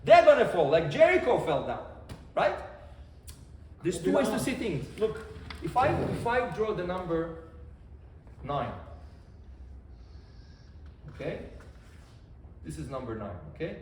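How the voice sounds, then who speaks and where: A man, a rabbi, giving an animated Torah lesson, repeating phrases and quizzing his listeners. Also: fairly high pitch, takes it slowly, long pauses. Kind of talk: Torah lesson to a live group. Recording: echoey room, faint background noise.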